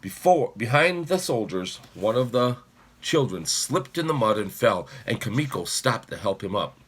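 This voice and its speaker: Brief: male audiobook narrator, husky lowish voice, lively pitch. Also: normal speed. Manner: expressive, shifting voices for characters.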